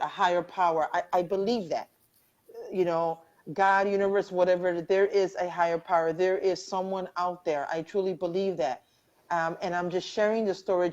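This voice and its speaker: A middle-aged woman hosting a live video interview, telling a personal story in animated, rushing bursts and earnestly encouraging her guest. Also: on the low side. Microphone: webcam or phone on a video call. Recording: dull lo-fi livestream audio.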